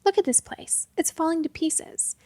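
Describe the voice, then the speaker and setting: Woman voicing a fiery, sharp-tongued magical girl. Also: very high voice, dry recording, voice pushed up. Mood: heated. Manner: sharp-tongued, scolding, quick to yell. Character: fiery pointy-eared magical young woman.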